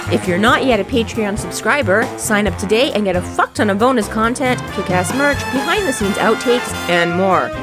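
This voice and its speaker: A woman reading a scripted support promo in an upbeat way, with casual cursing. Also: on the high side. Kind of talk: read sponsor promo. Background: brass music.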